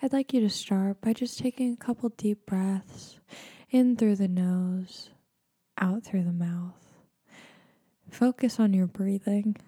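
A young woman doing a whispered role-play as a mock-serene meditation guide, talking slowly in a hushed whisper with deadpan dark asides. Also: mid-range voice.

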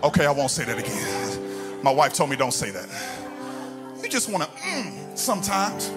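A man's voice: fairly high pitch, big pitch swings, normal speed. A man preaching a sermon in a church, calling out to the congregation and building into sung, whooping phrases. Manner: call-and-response preaching, rising into sung whoops. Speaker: pastor. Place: church sanctuary with organ music behind. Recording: music playing under the voice.

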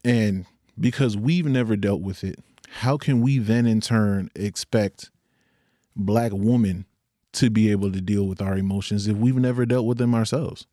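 A man's voice: lowish voice, fairly even intonation, moderate pace, dark tone, dry recording, studio quality. A young man speaking in an earnest, candid personal monologue, with occasional rueful laughs.

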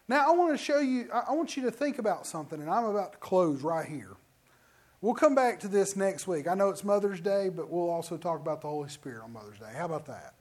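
Pastor with a high-pitched voice, preaching, acts out quotes in his stories. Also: sing-song, moderate pace, a little mellow. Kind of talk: sermon.

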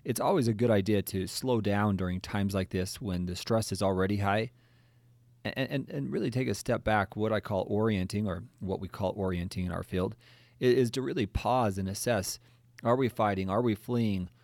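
A man's voice: on the low side, normal speed, creaky, darkish tone, no room sound. A middle-aged male clinician co-hosting a podcast, explaining earnestly and asking rhetorical questions. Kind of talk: conversational discussion.

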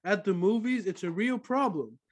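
A man's voice: sits high, lively intonation, normal speed. A man chatting casually on a podcast, laid-back and laughing easily. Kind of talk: casual chat.

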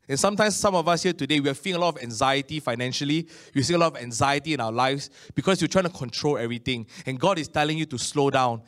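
A middle-aged man with a Singaporean English accent delivers a conversational sermon, full of Amens and slow, emphatic phrasing. His voice sits fairly high and sounds a bit bright.

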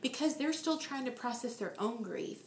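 A woman's voice: on the high side, normal speed. An earnest woman in her thirties recounts her faith journey in a conversational way. She slips into quoted voices with feeling. The room has a noticeable echo and faint background hiss. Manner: earnest, emotional storytelling with animated quoted voices. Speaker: guest sharing her testimony.

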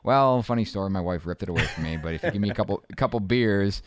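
A man in his thirties from Boston with a faint, mostly smoothed-out Boston accent, talking casually as an interview guest in a rambling way full of restarts and asides. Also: lowish voice, animated, fast talker.

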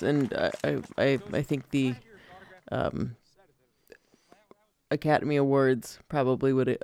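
Young man co-host, casual film chat, hesitant, slightly high, gravelly. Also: a little mellow, dry recording. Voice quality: hesitant, many restarts and fillers. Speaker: podcast co-host.

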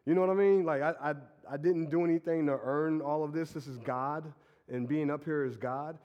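Pastor, man, sick with a stuffy nose, casual energetic preacher, fairly high voice, long hall reverb. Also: fairly quick, dull audio. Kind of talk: sermon. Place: church sanctuary.

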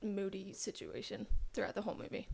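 A woman's voice: medium pitch, expressive, a little fast, creaky, husky. A young adult woman co-hosting a podcast, chatting casually and sharing trivia with plenty of fillers. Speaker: podcast co-host. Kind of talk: casual chat.

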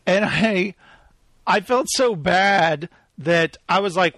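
A man's voice: high voice, slow pace, fairly bright tone, no room sound. A man in his thirties hosting a solo podcast, goofy and self-mocking, with his voice cracking. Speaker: podcast host.

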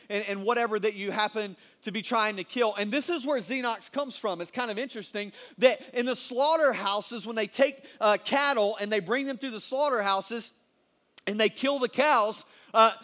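A man, most likely a youth pastor, preaching a sermon in a casual, animated storytelling style full of slang. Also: very high-pitched.

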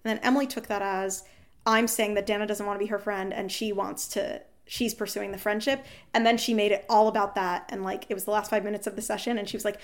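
A woman telling a frank, animated story about fights with her partner, quoting both sides, swearing and laughing ruefully. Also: mid-range voice, fast talker, creaky. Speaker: guest seeking advice. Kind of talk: candid emotional storytelling.

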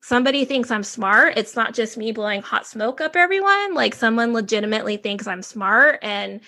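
A woman's voice: a little high, expressive, moderate pace, pushed and bright, no echo. A woman in her thirties, an interview guest, frankly telling her life story in a casual, slangy way. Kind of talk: candid personal storytelling.

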